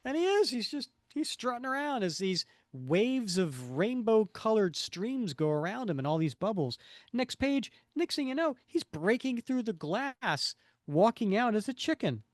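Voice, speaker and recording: A man's voice: high-pitched, unhurried, no room sound, studio quality. A man co-hosting a podcast, chatting casually and playfully about comics and acting out scenes as he goes. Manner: animated, playful, acts out scenes. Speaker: podcast co-host.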